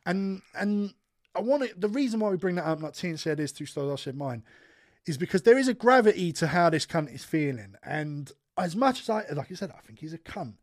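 A man's voice: sits high, a little fast. A man co-hosting a podcast, telling a long, sweary personal story in casual chat. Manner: sweary, animated anecdote-telling. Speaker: podcast co-host.

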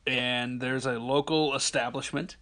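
A young adult man co-hosting a casual chat, telling a crude, animated story and acting out the voices of people in it. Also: medium pitch, measured pace. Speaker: podcast co-host.

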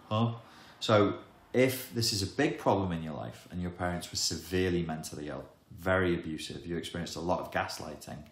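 A man who explains psychology topics in an emphatic, wry monologue with dramatic pauses. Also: deep voice. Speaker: self-help educator. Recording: echoey room.

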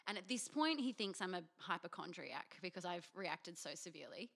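Australian woman, young adult, bright forceful voice, frank animated storytelling. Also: fairly low pitch, a little fast, gravelly. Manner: animated, frank, self-mocking. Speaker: podcast co-host. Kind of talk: candid storytelling chat.

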